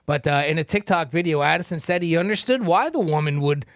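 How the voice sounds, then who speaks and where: Radio cohost guy, fairly high voice, measured, hedges a lot, dry close mic. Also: dry recording. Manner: measured, hedging, thinking aloud. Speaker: radio show co-host reading the news story. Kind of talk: casual radio chat.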